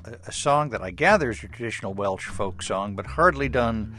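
A man's voice: fairly low pitch, animated, bright, forceful tone. A man hosting a radio interview, easygoing and curious in how he asks questions. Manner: easygoing and curious, quick to laugh. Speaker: radio host.

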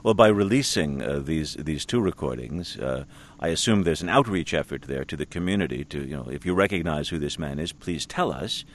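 Very deep-voiced man hosting radio news. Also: animated. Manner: measured, probing questions. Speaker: radio host.

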